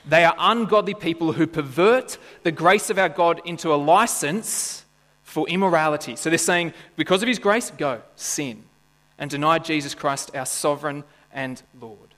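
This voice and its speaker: This is a man preaching to his congregation, his voice on the high side and fairly bright. The pastor's tone is chatty and playful, with frequent questions to listeners and added jokes. Long church-hall reverb and mains hum are audible.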